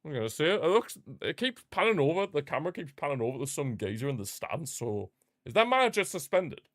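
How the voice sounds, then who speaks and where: A man hosting a live football watchalong, chatting excitedly, reacting to the match and answering viewer comments. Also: fairly high pitch, fast talker, dry recording, clean studio sound. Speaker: watchalong host.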